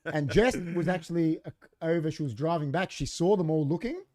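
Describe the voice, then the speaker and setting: A man with a voice pitched a touch above most men's tells a story on a studio podcast. He swears freely and acts out the dialogue as he goes, in a loose, chatty way. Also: fairly quick. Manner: profane, animated, acts out quoted dialogue. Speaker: podcast co-host. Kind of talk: casual storytelling chat.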